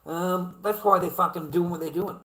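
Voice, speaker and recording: A man's voice: high-pitched, steady tone, normal speed, bright, forceful tone, rough recording. An Australian man talking to camera in a rambling, repetitive monologue, swearing heavily. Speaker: vlogger.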